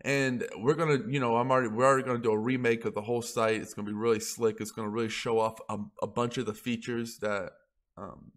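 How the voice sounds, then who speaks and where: A man's voice: medium pitch, level tone, quick pace. A man blogging about crypto in a casual ranting monologue, heated and profane, rambling as he goes.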